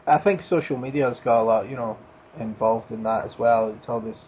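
A man hosting a casual podcast, chiming in with quiet, laid-back agreement. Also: mid-range voice, brisk, lo-fi sound, a little hiss or hum.

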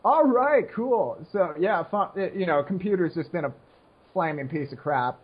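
Man in his late twenties, casual rambling rant, dull lo-fi audio, higher pitched. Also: lively intonation, normal speed, slightly rough. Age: 20s. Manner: rambling, frank, restarts often. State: short on sleep. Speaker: podcast co-host.

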